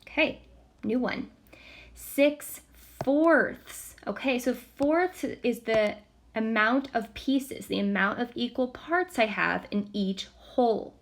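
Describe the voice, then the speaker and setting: Slow, patient woman teaching a lesson. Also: a little high. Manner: slow, patient, counts aloud softly. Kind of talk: recorded math lesson, step by step.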